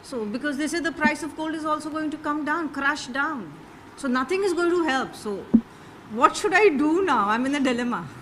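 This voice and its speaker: A woman's voice: high voice, animated, normal speed, background noise. A woman asking an anxious, rambling question about her savings. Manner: worried, rambling, pleading. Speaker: audience questioner.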